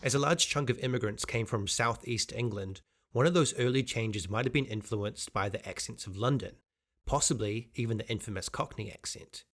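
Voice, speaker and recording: A man with a New Zealand accent giving a clear, steady scripted narration for an explainer video. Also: medium pitch, moderate pace.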